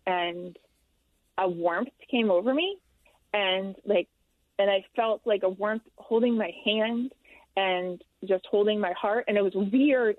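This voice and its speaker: A woman in her thirties, a guest in an interview, telling a personal story candidly and haltingly with frequent ums and restarts. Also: mid-range voice, no echo. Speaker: interview guest, military widow. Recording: dry, tinny phone-like line.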